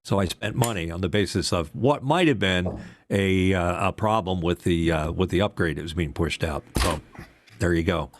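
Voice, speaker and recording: A man's voice: deep voice, moderate pace, slight background noise. An older man, a former radio DJ, co-hosting a casual talk show and telling stories with lots of fillers. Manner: rambling storyteller, many fillers. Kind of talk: casual podcast chat.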